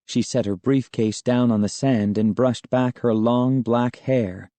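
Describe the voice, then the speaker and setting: A male narrator reads a children's storybook in a calm, measured way. His voice is dark and mellow and his pace is slow, in a dry, close recording. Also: medium pitch, dry recording. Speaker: audiobook narrator. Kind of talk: scripted first-person storybook narration.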